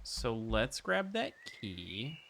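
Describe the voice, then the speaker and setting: A man streaming a game, casually talking through his play in a relaxed, musing way. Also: mid-range voice, extremely slow, gravelly. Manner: relaxed, musing, talks while playing. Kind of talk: casual gameplay commentary. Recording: noticeable background noise.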